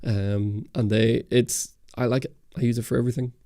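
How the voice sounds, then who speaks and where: Northern Irish man, livestream host, casual rambling chat, very dark voice, dry close mic. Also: mid-range voice, little pitch movement, moderate pace, no echo. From Northern Ireland. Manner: rambling, answers viewer chat. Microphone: close studio mic.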